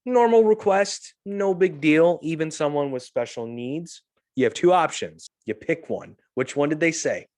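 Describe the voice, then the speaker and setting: A man's voice: a little high, unhurried. A middle-aged man hosting a podcast, telling stories in casual chat, swearing freely and acting out quotes. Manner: animated storyteller, swears freely, acts out quotes. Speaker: podcast host.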